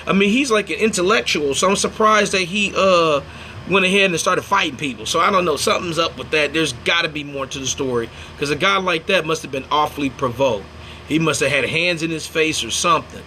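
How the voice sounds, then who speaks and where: A young man chats on a casual livestream, his voice pitched high with a bright, forward edge. He tells stories animatedly and acts out the people in them. A faint ambient hum sits in the background. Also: fairly quick. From Indiana, United States. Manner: animated storyteller, acts out quotes, thanks viewers mid-story. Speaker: livestream host.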